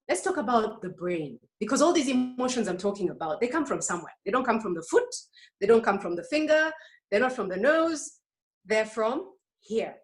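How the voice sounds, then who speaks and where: A middle-aged woman gives a lively talk on emotional intelligence over a video call, acting out little scenes and asking the audience questions. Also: fairly high pitch. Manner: animated, acts out voices and asks the audience questions.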